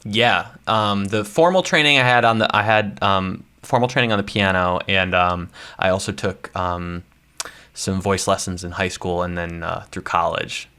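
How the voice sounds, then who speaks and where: A man's voice: deep voice, moderate pace, sharp tone, clear, resonant tone. A man in his thirties, a podcast guest chatting casually and rambling with lots of likes and ums. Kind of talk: casual chat.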